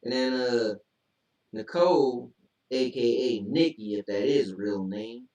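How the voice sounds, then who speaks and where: Slow-talking man, echoey and far off. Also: mid-range voice, darkish tone. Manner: slow, laughs while reading. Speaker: co-host. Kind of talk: casual chat reading listener comments. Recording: echoey room, far from mic.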